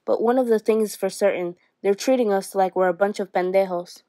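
A woman's voice: mid-range voice, a little fast, no room sound, lightly acted. A woman voicing a defiant young boy. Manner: calm, then shouting back. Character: brave defiant five-year-old boy.

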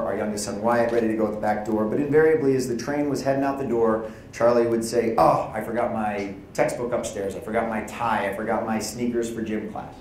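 A man's voice: mid-range voice, darkish tone, a little hiss or hum. A man giving opening remarks at a conference, telling personal stories in a candid, conversational way and acting out quoted lines. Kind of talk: personal keynote storytelling. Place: conference hall. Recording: very echoey hall.

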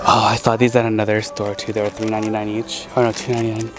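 A man chatting casually as a vlogger out thrift shopping, excitable and full of "like". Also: on the low side, very fast. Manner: excitable, chatty, heavy use of "like". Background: background music.

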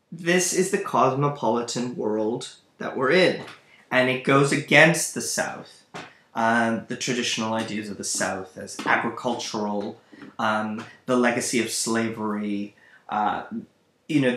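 A male teacher walks his students through a play, thinking aloud and speaking straight to them. His voice is mid-pitched and carries a noticeable room echo. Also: a bit bright. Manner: thoughtful, thinking aloud, addresses students directly. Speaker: literature teacher. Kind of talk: explanatory lecture on a play. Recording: echoey room.

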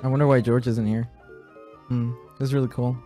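A man doing a flat, dry, monotone impression of a young male YouTuber, droning and mock-sincere. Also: mid-range voice, brisk, soft background music, voice pushed down, close to an everyday voice.

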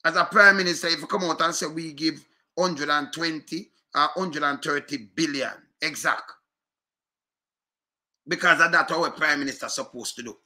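Fired-up Jamaican man, bright sharp voice. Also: on the high side, normal speed. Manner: repetitive, fired-up, rhetorical questions. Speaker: commentator. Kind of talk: casual rant to viewers.

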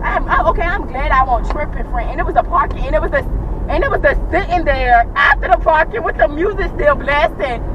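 A high-pitched woman, venting on the phone to a friend with profane exasperation. She is recorded from across the car by a dashboard camera, sounding distant and muffled under steady road noise. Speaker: rideshare passenger on a phone call. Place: back seat of a moving car.

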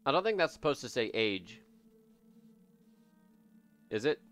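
A man streaming a video game, giving live commentary in an excitable, joking way as he thinks aloud. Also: mid-range voice, measured pace.

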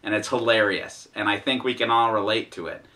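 A man's voice: on the low side, steady tone, a little fast, bright, forceful tone. A male vlog host chatting casually and off the cuff, rambling as he goes. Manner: rambling, unrehearsed, with restarts. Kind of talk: casual chat.

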